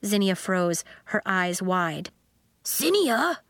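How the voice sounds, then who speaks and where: A woman narrating a children's story in an expressive storytelling manner. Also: medium pitch, measured pace, dry recording. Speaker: audiobook narrator.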